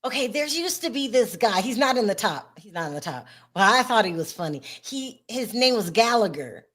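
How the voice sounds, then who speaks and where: A woman hosting a casual livestream chat, talkative and expressive, laughing often. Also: a little high, moderate pace. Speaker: host.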